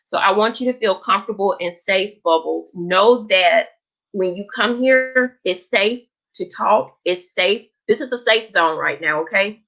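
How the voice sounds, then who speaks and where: A woman hosts a casual live stream in a caring, emphatic voice, reading viewers' comments aloud and reassuring them. Her voice sits at a medium pitch. The audio is slightly dull and lo-fi. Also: fairly bright tone.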